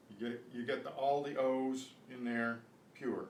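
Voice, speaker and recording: Teacher man in an echoey room. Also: fairly even intonation. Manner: patient, repeats words slowly for pronunciation drills. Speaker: Spanish teacher. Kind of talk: beginner language lesson. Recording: echoey room, voice from a distance, faint rumble.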